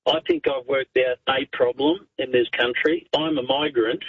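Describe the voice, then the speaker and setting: Aussie bloke calling the radio, husky, blunt and matey, muffled phone line. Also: male voice, medium pitch, steady tone, moderate pace, dry recording. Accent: Australian. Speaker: radio caller. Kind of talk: casual phone-in chat.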